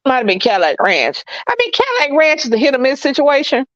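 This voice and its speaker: A woman's voice: high voice, wildly swooping pitch, quick pace, a bit bright, dry recording, dull audio. A woman with a Southern accent co-hosting a casual live stream, talking bluntly and emphatically, often repeating herself. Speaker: co-host.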